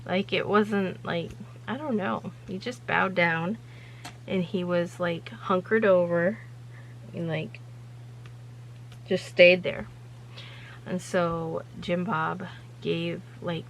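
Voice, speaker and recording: A woman's voice: lowish voice, steady tone, drawn-out words, gravelly, pauses often, slight background noise, rough recording. A woman hosting her own vlog, telling a story in a rambling, chatty way with lots of loose fillers. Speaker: vlog host.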